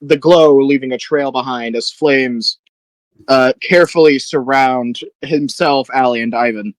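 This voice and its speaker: A man playing in a tabletop role-playing game, measured and thoughtful, with frequent fillers as he describes his actions. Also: medium pitch, dry recording, poor audio. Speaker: player.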